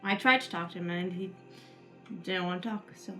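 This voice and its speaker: A woman's voice: fairly low pitch, normal speed, bright, forceful tone. A woman playing a tabletop game, answering in character with short, frank replies. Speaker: player. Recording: clear background music.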